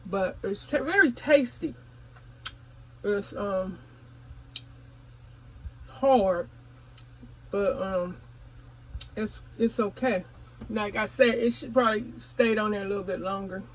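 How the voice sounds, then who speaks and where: Gesprächige Frau, die ihr Publikum direkt anspricht. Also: female voice, mid-range voice, takes it slowly, pauses often, slight background noise, poor audio. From California. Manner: chatty, addresses viewers as y'all; talks while chewing. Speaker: gardening vlogger. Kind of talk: casual vlog chat.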